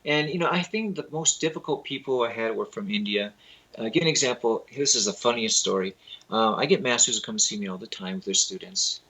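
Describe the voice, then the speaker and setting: In this rough recording, a man interviewed as a spiritual teacher tells lively stories casually, acting out whoever he quotes and speaking with loose grammar. His mid-range voice is husky and fairly quick.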